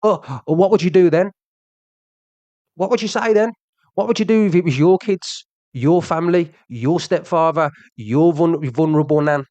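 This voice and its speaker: A man's voice: fairly high pitch, normal speed, a little mellow, no room sound, highs cut off. A young man in a heated rant to his audience, agitated and repetitive, pressing his listeners with questions. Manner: agitated, keeps asking "do you understand", repeats himself. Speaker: social media streamer.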